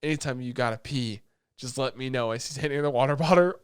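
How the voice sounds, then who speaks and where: A man co-hosting a podcast, excitedly retelling scenes in casual chat and swearing often. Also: mid-range voice, fast talker, smooth, no echo, studio quality. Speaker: podcast co-host.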